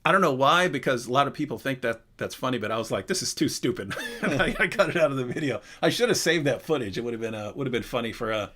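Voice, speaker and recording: This live question-and-answer host talks quickly in a mid-range voice, hardly pausing at all. He's animated and rambling in his casual stream chat, regularly cutting himself off and starting again.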